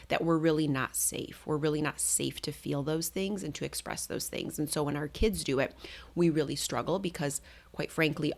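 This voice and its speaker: A middle-aged woman hosts a solo parenting talk. Her voice sits low and gravelly, with a noticeable fry. She explains things conversationally, full of "like" and "um". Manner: conversational, explanatory, with many fillers. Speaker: parenting coach and podcast host.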